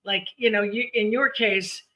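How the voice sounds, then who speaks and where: A woman hosting a live stream, giving numerology readings in a chatty, animated way and laughing often. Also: medium pitch, a little slow. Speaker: numerologist host.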